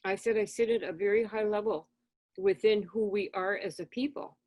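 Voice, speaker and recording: A woman guest in an interview, telling stories in a lively conversational way and acting out exchanges with children. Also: medium pitch, moderate pace, no room sound. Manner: animated, acts out dialogue with children. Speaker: interview guest, spiritual teacher. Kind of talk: conversational storytelling.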